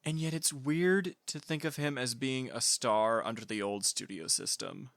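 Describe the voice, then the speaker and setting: A man co-hosting a casual podcast, his voice bright and forward. He chats loosely, laughing often and trailing off into fillers. The sound is dry and close to the mic. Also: medium pitch, normal speed, no echo. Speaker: podcast co-host. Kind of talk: casual chat.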